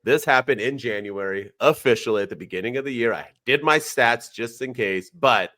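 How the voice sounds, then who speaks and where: A man's voice: mid-range voice, normal speed, no echo. Man, forties, podcast co-host, casual fan chat, emphatic, dry close sound. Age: 40s. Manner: excitable, emphatic fan talk.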